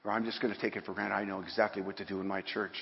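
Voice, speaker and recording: A man's voice: lowish voice, flat delivery, racing, vocal fry. Male preacher, folksy sermon delivery with emphatic peaks, muffled hall recording with a long echo. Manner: folksy, rising to emphatic bursts. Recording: dull sound in a hall with long reverb.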